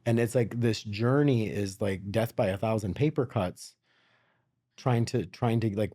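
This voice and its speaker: A man hosting a podcast, telling animated stories and acting out the dialogue in casual chat. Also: on the low side, a little slow, husky. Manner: animated storyteller, acts out dialogue. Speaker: podcast host.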